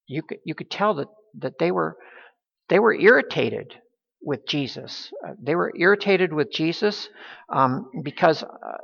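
A man preaching a sermon as pastor, halting, with many restarts and fillers. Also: on the high side, creaky, a bit bright. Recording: dull sound with long hall reverb.

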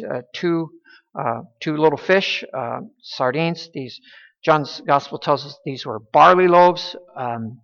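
A man preaching a sermon as pastor, halting, with many restarts and fillers. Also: medium pitch, a bit bright. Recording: dull sound with long hall reverb.

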